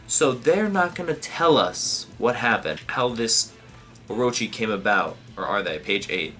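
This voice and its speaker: A man hosting a live manga reaction, reading pages aloud and thinking out loud with casual swearing and lots of fillers. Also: lowish voice, lively intonation, a little slow, soft background music. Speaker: manga reaction channel host.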